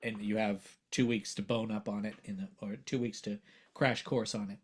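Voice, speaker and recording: A man, a voiceover actor and coach, talking earnestly in a casual interview and growing animated as he makes his points. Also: on the low side, normal speed, slightly rough. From United States.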